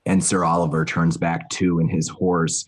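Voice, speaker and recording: A man describes his character's every move in a tabletop role-playing game, detailed and a little halting. His voice is low and husky. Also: monotone. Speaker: player.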